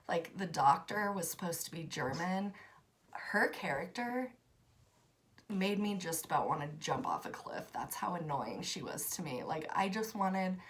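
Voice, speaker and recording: Female horror vlogger, lower-pitched, candid and exasperated, casual delivery. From Colorado. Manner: blunt and exasperated, candid opinions. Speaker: horror movie reviewer. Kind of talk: casual video review.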